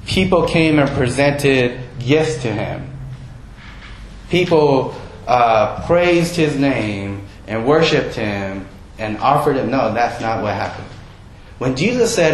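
A man's voice: medium pitch, expressive, a little slow. A man preaching a sermon in a conversational way, often asking his listeners questions. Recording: roomy with faint background noise.

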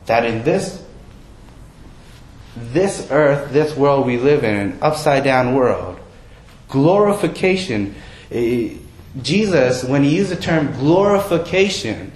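A man's voice: mid-range voice, lively intonation, takes it slowly, darkish tone. Conversational male preacher in a roomy space. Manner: conversational, asks listeners questions. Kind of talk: sermon. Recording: roomy with faint background noise.

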